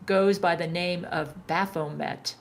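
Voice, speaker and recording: A woman narrating a story in a deadpan reading voice. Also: on the low side, measured pace.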